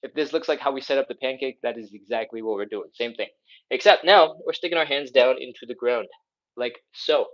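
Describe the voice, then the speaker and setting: A man's voice: mid-range voice, fairly quick, muffled recording. A man coaching a live follow-along stretching workout, chatty and upbeat, with playful exclamations as he explains each move. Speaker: stretching instructor.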